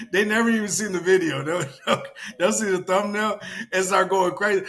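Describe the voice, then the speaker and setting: A man casually chatting on a podcast, animated, laughing often and swearing freely. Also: brisk. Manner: animated, mimics commenters in loud high-pitched yelling. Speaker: podcast co-host.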